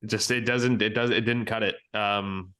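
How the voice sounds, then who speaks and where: A man's voice: lowish voice, fairly even intonation, normal speed, a bit bright, clean tone. Profane, heated male sports podcaster. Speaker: podcast co-host. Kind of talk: casual sports chat.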